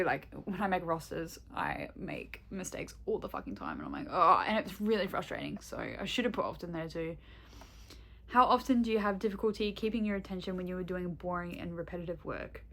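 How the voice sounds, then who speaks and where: A woman's voice: mid-range voice, a bit bright. A young woman vlogging in casual chat, candid and rambling, swearing freely and laughing often.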